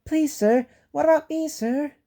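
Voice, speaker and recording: A man doing a squeaky eager little engine. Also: a little slow, mellow. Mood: excited. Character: high excited eager young male engine.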